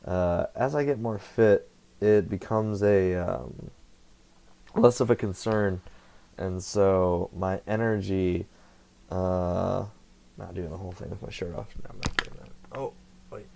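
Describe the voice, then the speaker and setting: Young man, gravelly fry, low voice, casual rambling vlog, profane, self-correcting. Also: fairly even intonation, slow, dark tone. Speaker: vlogger. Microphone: computer headset setup.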